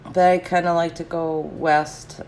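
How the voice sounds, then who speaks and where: A woman's voice: low voice, flat delivery, unhurried, darkish tone, slight background noise. A middle-aged woman chatting casually and answering live comments, laughing often.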